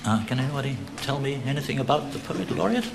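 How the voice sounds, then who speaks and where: An actor playing a teacher who lectures his class in a lively way, with hesitant fillers. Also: mid-range voice, fast, creaky, noisy background. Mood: lecturing. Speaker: older teacher. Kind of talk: television drama acting.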